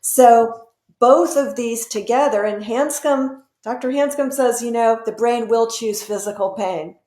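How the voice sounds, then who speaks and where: A woman's voice: fairly high pitch, a little slow, dark tone, reverberant. A woman guest expert in an interview, explaining earnestly with examples.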